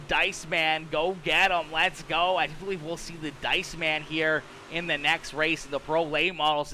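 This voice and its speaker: A young man streaming live sim race commentary, reading out viewer chat and shouting hype at donations. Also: fairly high pitch, a little hiss or hum. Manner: excitable, hypes viewers, loud shouts at donations.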